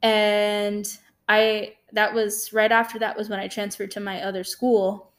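A young woman co-hosting a podcast, telling a personal story in a casual, animated way. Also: medium pitch, measured pace. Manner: animated, lively retelling with acted-out quotes. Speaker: podcast co-host.

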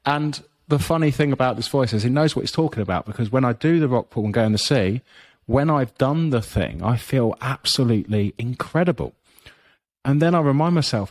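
In a podcast interview, a fitness business coach offers motivational talk at a moderate pace, his mid-range voice animated. He speaks bluntly and profanely, often dropping "you know."

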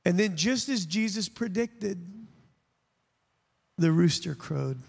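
A man's voice: high-pitched, expressive, slow, vocal fry. A man preaching a sermon as a pastor, emphatic, swinging between rising and falling delivery. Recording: long reverb of a large hall.

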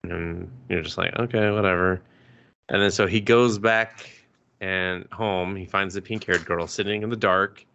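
A man's voice: sits low, fairly even intonation, measured pace, gravelly, sharp tone, highs cut off. A man co-hosting a podcast, casually recapping an anime episode in a rambling way, quoting the characters and chuckling now and then. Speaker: podcast co-host.

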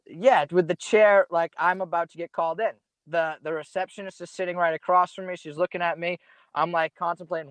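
A man's voice: high voice, fairly even intonation, a little fast, a bit bright, dry recording. A young man telling a casual story in a rambling way, full of slang and swearing. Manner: profane, rambling, laid-back slang. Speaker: podcast guest storyteller.

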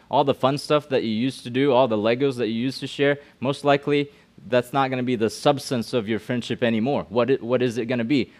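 A middle-aged man preaching to young people in a loose, conversational way. He keeps asking the room questions, repeats his words and restarts his sentences as he goes. His voice sits at an ordinary middle pitch. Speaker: pastor. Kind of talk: youth sermon with audience questions.

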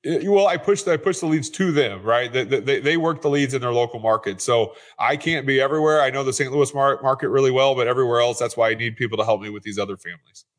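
A man who invests in real estate appears as a podcast guest, speaking fast in a mid-range voice with few pauses. He tells stories in an earnest, conversational way, often repeating words as he starts a sentence.

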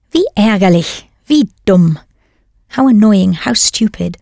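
A woman's voice: medium pitch, expressive, takes it slowly, vocal fry, warm tone, dry recording, studio quality. A woman narrating a scripted audio language lesson, patiently prompting the learner and then confirming each answer. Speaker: language teacher.

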